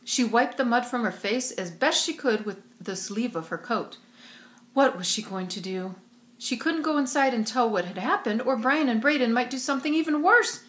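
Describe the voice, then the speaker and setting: Woman reading a children's story aloud. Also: fairly high pitch. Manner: expressive storytelling. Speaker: narrator. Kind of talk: audiobook reading. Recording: roomy echo.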